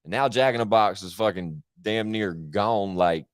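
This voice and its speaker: Profane, rambling male streamer, low voice. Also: normal speed, no echo, studio quality. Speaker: live streamer. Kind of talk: casual rambling stream chat.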